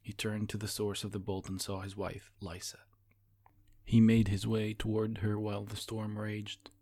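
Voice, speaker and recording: Low gravelly man reading his fantasy novel. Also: monotone, moderate pace, dark tone. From Egypt. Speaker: fantasy author.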